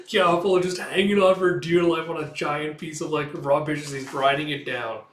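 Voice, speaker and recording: Casual guy rambling through a comic recap, kinda high voice, roomy echo. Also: steady tone, normal speed, few pauses. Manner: rambling, filler-heavy, acts out the dialogue. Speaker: host.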